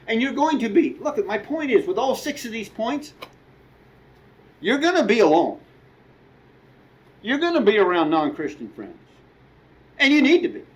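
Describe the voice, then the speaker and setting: A man's voice: high-pitched, rough recording. A middle-aged man preaching a sermon as a guest speaker, conversational, with asides and quoted dialogue.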